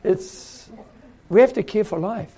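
A man's voice: high voice, unhurried, dark tone. A man preaching a sermon in a conversational way, repeating himself and acting out little quotes.

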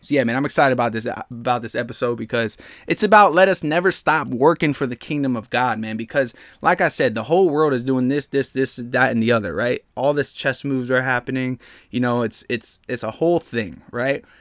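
A man's voice: mid-range voice, fairly quick, a bit bright, no echo, clean studio sound. A man hosting a podcast alone, ranting bluntly and heatedly in casual slang and talking straight to his listeners. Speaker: podcast host.

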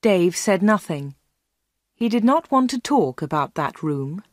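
Woman reading a story nice and slow and clear, lively pitch, dry close mic. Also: no room sound. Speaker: audiobook reader. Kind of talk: scripted storybook narration.

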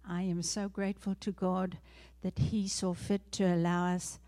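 A woman's voice: on the low side, little pitch movement, measured pace, dark tone. A middle-aged woman with a South African accent, a missionary speaking earnestly to a church congregation, often laughing lightly. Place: church sanctuary.

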